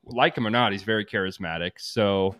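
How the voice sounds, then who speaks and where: A man's voice: on the low side, brisk, fairly bright tone. A young man co-hosting a podcast, chatting casually about a reality dating show in a dry, blunt, sarcastic way. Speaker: podcast co-host. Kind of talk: casual reality TV recap chat.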